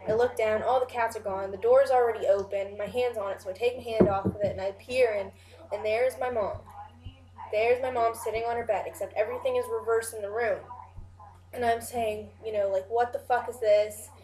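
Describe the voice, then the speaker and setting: In an echoey room, a young woman with a fairly high, steady, dark-toned voice tells a long dream story at a quick clip. She rambles casually, leaning heavily on "like" and "you know" and swearing often.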